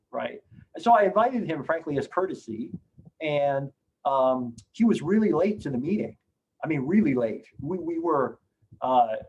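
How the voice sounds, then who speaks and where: A man's voice: on the high side, a little mellow, breathy edge, muffled recording. A middle-aged man telling a career story in a Q&A, rambling with many fillers and restarts. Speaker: guest on a Q&A session. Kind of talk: storytelling in a recorded Q&A.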